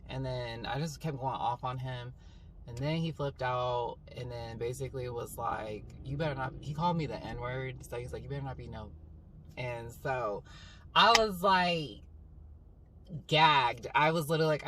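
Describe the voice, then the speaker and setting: A young woman telling a story to camera in a casual, rambling vlog style, full of "like" and "um". She tells it in an animated, dramatic way. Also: very deep voice, normal speed. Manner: rambling, filler-heavy, with 'like' and 'um'. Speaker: vlogger. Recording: slightly distant mic, faint background hum.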